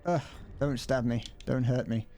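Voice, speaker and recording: A man's voice: medium pitch, fairly even intonation, moderate pace, warm tone, soft background music. Rambling young man streaming a game. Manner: rambling, self-deprecating, frequent laughs and restarts. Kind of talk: casual gameplay commentary.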